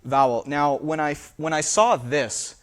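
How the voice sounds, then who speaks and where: A man's voice: a little high, a little slow. A man from New England giving a public lecture on historical pronunciation, explaining step by step with frequent "um" and "uh" and a habit of asking "right?". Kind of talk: lecture to a live audience. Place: theater during a speaker series.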